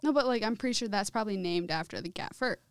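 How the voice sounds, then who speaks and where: A young woman guesting on a podcast, giggling often and chiming in with quick remarks in casual chat. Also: medium pitch, animated, smooth, no echo, studio quality.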